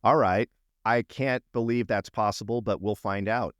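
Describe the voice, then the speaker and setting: Middle-aged man, podcast co-host, casual storytelling, slightly low voice, dry close sound. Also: normal speed, no echo. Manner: animated storytelling, frequent "right?" asides. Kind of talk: casual chat.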